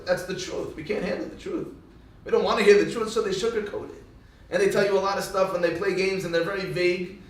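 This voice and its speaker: A man with a high voice gives a religious talk, telling funny stories and acting out each line of dialogue. He sounds distant from the mic, in a strongly echoing room. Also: fairly even intonation, fast, a bit bright. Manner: jokey storyteller acting out dialogue. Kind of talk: storytelling Torah talk. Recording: echoey room, voice from far off.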